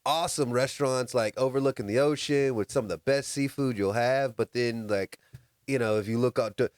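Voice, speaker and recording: A man's voice: medium pitch, a little fast, clean tone, no echo, studio quality. A man co-hosting a podcast in casual chat, laughing often and telling stories with animation. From United States. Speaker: podcast co-host.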